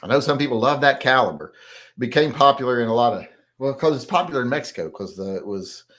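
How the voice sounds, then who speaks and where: A man's voice: mid-range voice, expressive, quick pace, a bit bright. A man with a Southern American accent hosting a casual podcast, reading out viewer comments and answering them in a blunt, rambling, folksy way. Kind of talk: casual solo podcast chat.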